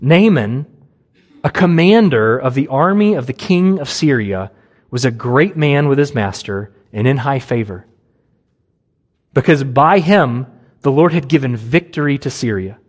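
A man preaching a sermon, earnest and emphatic, with long pauses and a low, soft voice for Jesus' words. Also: expressive.

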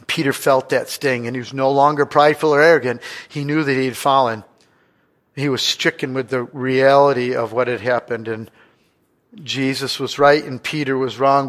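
Expressive male pastor preaching. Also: mid-range voice, normal speed. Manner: expressive preaching, swinging between loud and hushed; asks the congregation questions. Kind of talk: sermon.

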